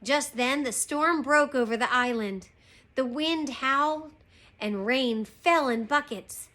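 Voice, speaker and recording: A woman teacher reading a chapter book aloud to her class, slow and expressive. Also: sits high. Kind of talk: storybook read-aloud.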